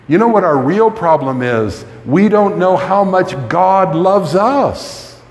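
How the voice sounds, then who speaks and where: A man's voice: high-pitched, a little slow, hardly any pauses. A man preaching a sermon in an emphatic way, often repeating words as he starts a sentence. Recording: long reverb of a hall.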